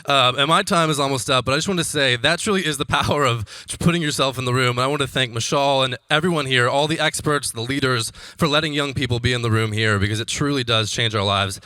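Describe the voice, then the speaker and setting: A young man from Iowa telling a comic story on stage as a comedian, animated and laughing often as he talks. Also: mid-range voice, quick pace, few pauses, clean tone, dry recording. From Iowa, United States. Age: young adult. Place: conference stage.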